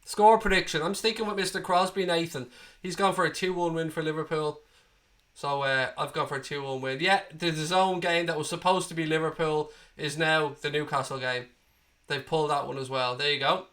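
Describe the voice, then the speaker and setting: A man's voice: fairly high pitch, steady tone, brisk, a bit bright. A man in his late thirties from Dublin with an Irish accent, hosting a live football watchalong and chatting bluntly to his viewers, swearing freely and sounding a bit under the weather with a cold. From Ireland. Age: 30s. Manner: blunt and sweary, talks straight to chat. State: has a cold. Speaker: livestream host.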